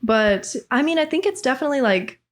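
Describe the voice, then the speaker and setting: A woman's voice: high-pitched, lively intonation, brisk. A young adult woman chatting as a podcast guest, candid and casual, swearing now and then with many fillers of "like". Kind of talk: casual chat.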